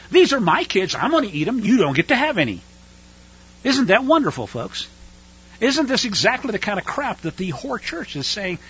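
A man's voice: very high voice, sharp tone, slightly rough, highs cut off. A man preaching a fiery, sarcastic sermon, scornful and mocking as he reads and comments on scripture.

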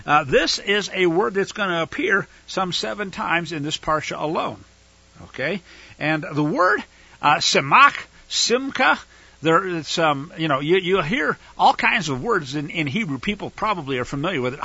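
A man's voice: a little high, bright, forceful tone, slightly rough, no room sound, dull audio. A man teaching a scripture study, reading verses aloud and explaining them, leaning hard on key words with growing emphasis. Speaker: Bible teacher.

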